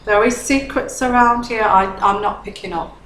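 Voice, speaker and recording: A woman's voice: mid-range voice, moderate pace, fairly bright tone. Chatty woman tarot reader, echoey room. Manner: chatty, repeats phrases, frequent "okay?". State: a little tipsy. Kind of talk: casual tarot reading. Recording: echoey room with faint background hum.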